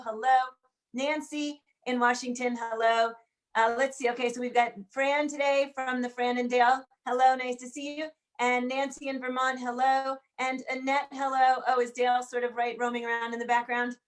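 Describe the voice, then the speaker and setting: A woman hosting an online sing-along, chatting as she greets viewers one by one by name over a video call. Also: sits high. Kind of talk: livestream welcome and greetings. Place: room in Washington, D.C.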